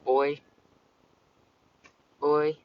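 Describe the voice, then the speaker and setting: A man's voice: fairly high pitch, flat delivery, extremely slow, lo-fi sound. A man streaming casually from his parked car, rambling, swearing often and talking back to commenters. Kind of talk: casual livestream chat. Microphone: phone.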